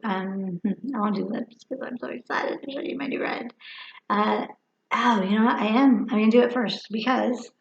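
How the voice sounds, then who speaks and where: A woman's voice: mid-range voice, vocal fry. A woman over fifty chatting casually through a makeup tutorial, rambling and talking to herself as she works. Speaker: makeup vlogger. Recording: echoey room, dull lo-fi sound.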